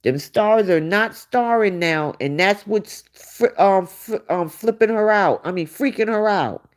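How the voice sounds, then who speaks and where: A woman's voice: medium pitch, a little slow. A woman hosting a livestream, reading viewer comments aloud and answering them in blunt, sarcastic casual commentary. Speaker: livestream host.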